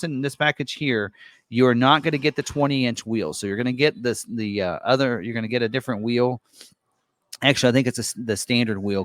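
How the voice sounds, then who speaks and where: This man's voice sits on the low side, with no echo. As the presenter of a truck ordering guide, he loosely talks through vehicle choices in an online configurator, his casual walkthrough peppered with fillers and self-corrections.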